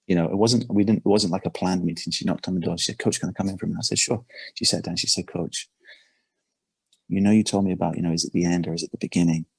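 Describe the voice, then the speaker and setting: Deep gravelly-voiced man, earnest coach. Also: steady tone, very fast, no echo. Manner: earnest, repeats words and restarts often. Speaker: performance coach. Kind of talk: casual podcast conversation.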